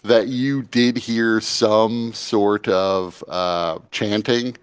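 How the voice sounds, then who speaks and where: Low-voiced man running a tabletop game. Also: fairly even intonation, smooth, no echo. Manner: casual, halting narration with fillers. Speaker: game master.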